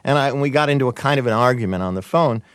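A man being interviewed as a guest, telling stories in a halting, amused way with many restarts. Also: mid-range voice, clean tone, no echo. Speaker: guest, TV writer and producer. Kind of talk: conversational interview storytelling.

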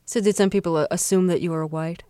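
A woman interviewing a guest, asking brisk, direct questions. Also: lowish voice, steady tone, warm tone, clean tone, no echo, studio quality.

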